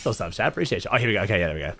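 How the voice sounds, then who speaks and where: A man with an Australian accent chatting casually to his live-stream viewers as he watches a tournament, excitable and swearing freely. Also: fairly low pitch, racing, slight background noise.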